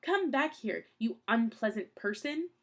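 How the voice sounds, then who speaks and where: A woman voicing a stern, fussy man who lectures firmly and shouts orders while she reads a storybook aloud. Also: fairly high pitch, animated, unhurried, voice pushed up. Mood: shouting.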